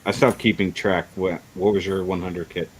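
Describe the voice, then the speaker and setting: A man's voice: low-pitched, flat delivery, normal speed, slight background noise, low-quality recording. A man hosting a casual livestream chat, rambling and laughing often. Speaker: livestream host.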